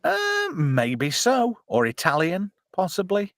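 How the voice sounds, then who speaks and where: Male host, jokey and rambling, animated delivery, dry close mic. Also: high-pitched, slow pace, no echo. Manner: chatty, jokey, filler-heavy, reads chat aloud. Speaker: podcast host watching a film with chat. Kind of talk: casual live watch-along chat.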